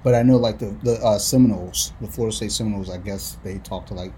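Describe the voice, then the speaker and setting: A man's voice: fairly low pitch, fast talker, warm tone, a little hiss or hum. A young adult man co-hosting a podcast, talking in a casual, crude, joking way and swearing a lot. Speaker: podcast co-host. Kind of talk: casual chat.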